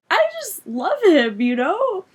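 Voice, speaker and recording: A woman's voice: on the low side, animated, measured pace. A woman voicing a melodramatic eighth-grade goth girl who narrates her diary in a giggly, overdramatic way, full of "like". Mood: tearful swooning. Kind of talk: comic teen diary monologue.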